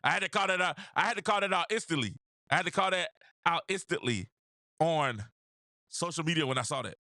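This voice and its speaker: A man hosting a sports talk show, giving casual basketball commentary in an animated way, repeating his points and talking straight to his viewers. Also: fairly high pitch, brisk, dry recording, clean studio sound.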